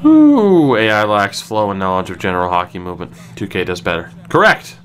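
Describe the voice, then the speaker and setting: A man commentating his own hockey video game, swinging between low groans and excited shouts. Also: a little fast, a little hiss or hum. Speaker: gaming streamer.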